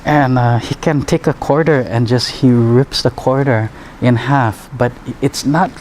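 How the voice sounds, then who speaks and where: A man's voice: medium pitch, fairly even intonation, a little slow, a little mellow, a little hiss or hum. A man, a martial arts teacher and healer, telling stories in a rambling, chuckling way full of fillers. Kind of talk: conversational storytelling.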